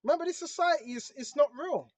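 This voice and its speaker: A man's voice: very high-pitched, expressive, quick pace, no room sound. A man giving a casual religious monologue to his viewers, talking conversationally and often tossing in "bro" and "right?". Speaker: online preacher.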